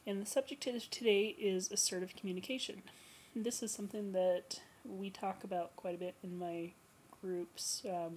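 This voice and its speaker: A woman's voice: medium pitch, slight background noise, low-quality recording. Woman counselor explaining on her vlog. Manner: relaxed, conversational and explanatory. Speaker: eating disorder recovery counselor. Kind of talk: educational vlog talk.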